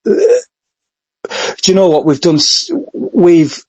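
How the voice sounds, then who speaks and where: A man co-hosting a podcast, talking earnestly with halting restarts. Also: on the high side, no echo, poor audio. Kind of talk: casual chat.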